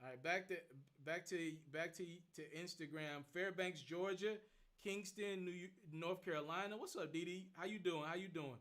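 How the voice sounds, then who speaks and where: A young man hosting a casual phone livestream, rattling off rapid shout-outs to viewers and answering their questions. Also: sits high. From Memphis. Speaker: livestream host.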